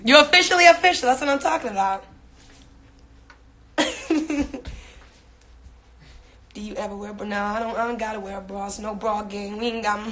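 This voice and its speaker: A woman's voice: medium pitch, fairly bright tone, a little hiss or hum. A young woman chatting casually on a phone livestream, reading viewer comments and laughing often. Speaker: social media personality.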